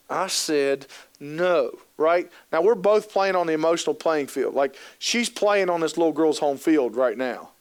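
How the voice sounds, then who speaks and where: Animated, high-voiced male presenter. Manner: animated, joking, acts out scenes. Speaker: keynote speaker on youth work. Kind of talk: humorous storytelling presentation.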